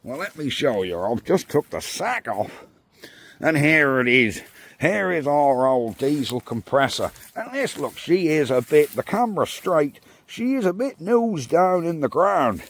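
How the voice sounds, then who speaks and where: Chatty man with a lively voice. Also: fairly high pitch, unhurried. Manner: chatty, cheerful, talks to viewers. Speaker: vlogger. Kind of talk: casual chat to camera. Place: outdoor farm yard. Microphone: phone propped up.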